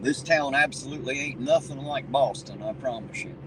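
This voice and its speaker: A man's voice: medium pitch, a little fast. A man with a southern Ohio hillbilly accent, chatting casually on a live stream while driving at night, folksy and easygoing with casual swearing. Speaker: livestream host. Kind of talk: casual live-stream chat, reading viewer comments. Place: in a car driving around town at night. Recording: distant mic with loud car noise. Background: car and road noise.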